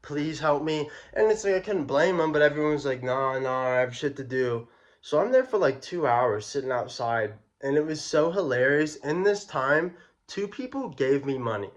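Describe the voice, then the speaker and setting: A man's voice: mid-range voice, normal speed. A young man telling a personal story in a casual, slangy, profane way. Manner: slangy, profane, animated retelling. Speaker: vlogger.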